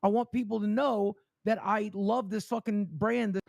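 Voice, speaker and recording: A man's voice: high-pitched, steady tone, moderate pace, creaky, darkish tone, dry recording. A man co-hosting a live stream, talking in an emphatic, indignant way with swearing. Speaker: show co-host.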